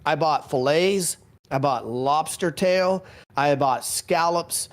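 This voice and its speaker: A man's voice: fairly high pitch, takes it slowly. A middle-aged man co-hosting a casual podcast, rambling through stories with self-mocking asides. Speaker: podcast co-host.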